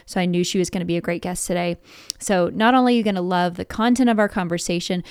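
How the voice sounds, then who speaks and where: A woman's voice: lowish voice, smooth, no room sound. A woman hosting a podcast, bubbly and effusive as she introduces and interviews a guest. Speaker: podcast host.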